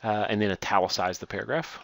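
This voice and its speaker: A man teaching a software tutorial, reading each step aloud and then patiently demonstrating it, correcting himself as he goes. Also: on the low side, fast talker, vocal fry. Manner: methodical, reads steps aloud then demonstrates; patient, self-correcting, relaxed. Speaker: instructor.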